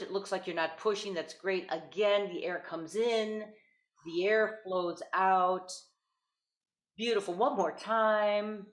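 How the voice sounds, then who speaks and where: A woman leads a voice lesson over a video call, coaching gently and singing short warm-up sounds herself. Her voice sits in a middle range, neither high nor low. The call picks up a noticeably echoey room around her. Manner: patient, encouraging, demonstrates vocal exercises. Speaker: voice teacher. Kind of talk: online voice lesson.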